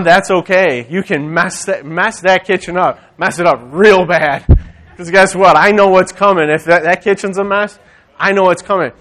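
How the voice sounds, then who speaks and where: A man preaching a sermon, animated and conversational, swinging from loud rallying calls to quiet storytelling. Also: high-pitched. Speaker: church speaker.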